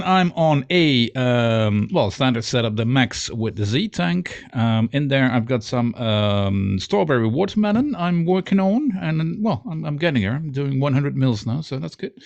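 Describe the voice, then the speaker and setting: Male co-host, jokey and animated, dry muffled mic. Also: medium pitch, unhurried, gravelly, no echo. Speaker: podcast co-host. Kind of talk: casual group chat. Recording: dry, dull lo-fi call audio.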